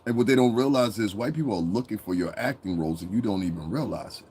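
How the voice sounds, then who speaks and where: A man's voice: lowish voice, quick pace, darkish tone, breathy edge. A man from Connecticut hosting a casual commentary monologue, profane and rambling, breaking into mocking impressions. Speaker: commentary channel host.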